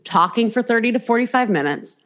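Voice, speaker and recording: A woman's voice: fairly high pitch, animated, fairly quick, a bit bright. A woman hosting a podcast in casual chat, talking candidly, swearing freely and acting out voices as she tells stories. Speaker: podcast host.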